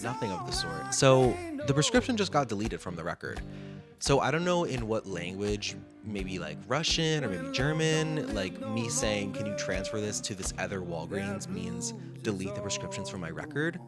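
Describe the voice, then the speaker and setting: A man vlogging in a casual, animated storytelling monologue, with sassy slang and acted-out bits of conversations. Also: lowish voice, normal speed. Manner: chatty, animated, reenacts conversations. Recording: music playing underneath. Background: guitar music.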